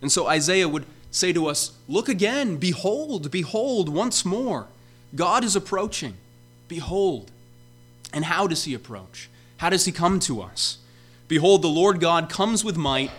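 A man preaching a sermon, who lifts his voice for emphasis on repeated calls and then drops it low and slow. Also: a bit bright.

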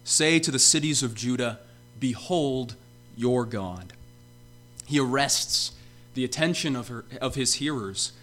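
A man preaching a sermon, who lifts his voice for emphasis on repeated calls and then drops it low and slow. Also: fairly bright tone, soft background music.

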